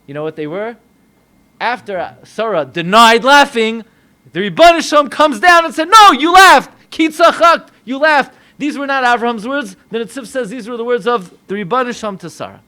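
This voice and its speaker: An American man, a rabbi, preaching a sermon with animated delivery, acting out voices in dialogue. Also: high voice, normal speed. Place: synagogue.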